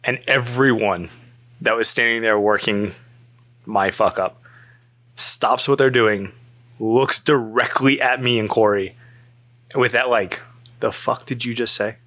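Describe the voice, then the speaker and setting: A man's voice: medium pitch, a little slow, pauses often. A man telling a story in casual chat, acting out the voices of the people in it and laughing often. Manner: animated, acts out quoted dialogue, laughs often. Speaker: storyteller guest.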